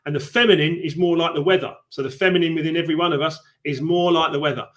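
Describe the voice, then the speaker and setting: A man hosting a live book discussion, his voice sitting a little high for a man. He talks casually and with energy, building his points through images and analogies. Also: fast. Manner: animated storyteller, explains with analogies. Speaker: host of a live book club show. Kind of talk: casual live-stream chat.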